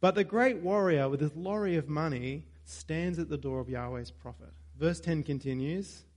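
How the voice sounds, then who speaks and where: A man's voice: on the high side, moderate pace, a little mellow. A man preaching a sermon in a conversational way, with joking asides and self-corrections.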